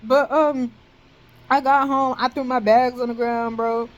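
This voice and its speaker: In a high-pitched voice and at a slightly slow pace, a young woman in college tells a storytime vlog. She speaks in animated slang, swearing often and saying "bro" and "dead ass" a lot. The recording sounds muffled.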